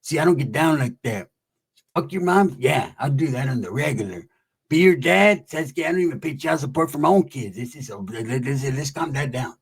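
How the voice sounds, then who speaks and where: A man voicing an older gang veteran who talks slow, low and pompous. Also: expressive, creaky, husky, heavily acted.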